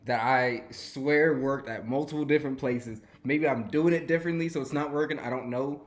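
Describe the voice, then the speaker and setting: A man's voice: mid-range voice, steady tone, moderate pace. A young man from Georgia, casually and self-critically talking over his own comedy set. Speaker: podcast host. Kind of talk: casual commentary.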